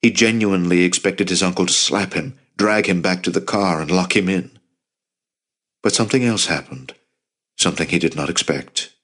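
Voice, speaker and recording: A man narrating an audiobook in a steady, measured reading voice. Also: low-pitched. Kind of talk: scripted narration.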